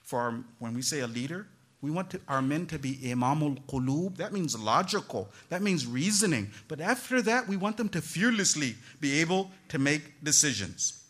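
A woman giving an animated religious talk to a gathering, talking straight to her listeners with frequent asides. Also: low-pitched, normal speed, breathy edge. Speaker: religious lecturer.

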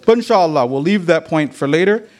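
A man giving a religious talk, retelling a story with lively quoted dialogue and Arabic religious phrases. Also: on the high side, fairly quick. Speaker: religious lecturer. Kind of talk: sermon with storytelling.

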